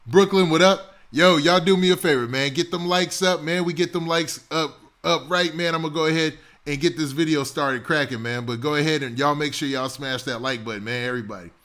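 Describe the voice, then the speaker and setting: A man hosting a hip-hop news livestream, casually chatting and hyping up viewers with rapid city shout-outs and slang. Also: on the high side.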